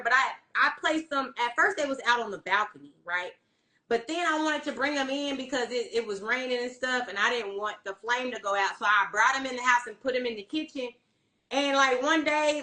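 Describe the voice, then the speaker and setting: Bright, emphatic woman tarot reader. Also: high-pitched, low-quality recording. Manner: profane, emphatic, keeps asking "you see what I'm saying"; preachy, encouraging, spiritual. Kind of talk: casual livestream tarot talk.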